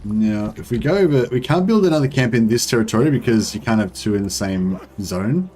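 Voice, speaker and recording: A man's voice: mid-range voice, lively intonation, brisk, dark tone, a little hiss or hum. A man giving casual, rambling commentary as he plays a strategy game, with frequent ums and restarts. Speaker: gaming streamer.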